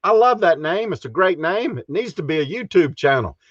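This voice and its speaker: Guy chatting on his stream, folksy, lots of chuckles, high voice, kinda dull lo-fi mic. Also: sing-song, moderate pace, no room sound. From Texas. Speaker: live stream host. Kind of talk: casual live stream chat.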